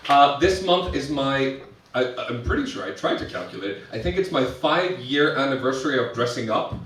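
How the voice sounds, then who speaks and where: Picked up from a distance in an echoey live venue, a young adult drag performer does stand-up storytelling, chatty and self-deprecating, restarting often and giggling. He speaks at medium pitch with an expressive, slightly bright voice and moderate pace.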